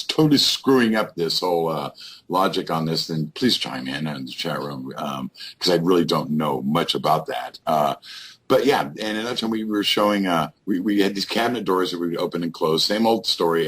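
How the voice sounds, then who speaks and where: A man with a very low, husky voice tells his paranormal story as a radio guest. His delivery is animated and swings widely in pitch, and he rambles with many "um"s and restarts.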